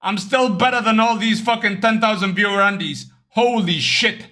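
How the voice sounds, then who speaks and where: A young man streaming, chatting casually and telling animated stories with lots of swearing, raising his voice to act out other people. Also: high-pitched, normal speed. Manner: animated storytelling, acts out others in raised voice, swears often. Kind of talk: casual livestream chat.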